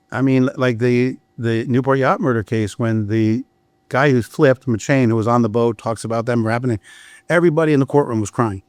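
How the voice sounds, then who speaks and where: In a candid podcast chat, a middle-aged man who works as a criminal defense attorney tells blunt stories full of profanity, frequently restarting them. The recording has no room sound, and his mid-range voice is a little mellow.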